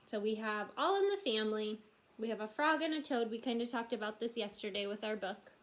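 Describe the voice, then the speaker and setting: Woman teacher reading a storybook to children, expressive. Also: on the high side, brisk. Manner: expressive, questioning, speaks straight to the children. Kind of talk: reading a picture book aloud to young children.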